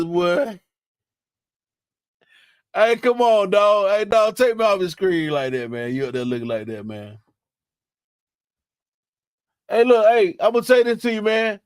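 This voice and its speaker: A man's voice: high voice, sing-song, moderate pace, smooth, dry recording, studio quality. A young man chatting casually on a live stream, laughing and teasing in slangy talk.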